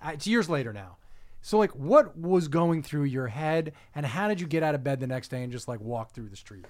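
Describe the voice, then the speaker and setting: A man with a slightly raised voice hosts a relaxed interview. He asks questions eagerly and plainly, with the odd swear word. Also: on the high side, brisk. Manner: eager, frank, swears freely. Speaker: interview host. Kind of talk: casual interview.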